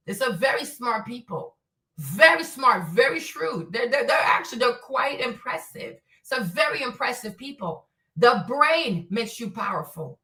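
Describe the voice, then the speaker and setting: A woman's voice: high-pitched, sharp tone. A woman from Africa hosting a livestream, ranting bluntly and profanely with many rhetorical questions. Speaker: show host. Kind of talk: opinionated livestream rant. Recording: echoey room, mic at a distance.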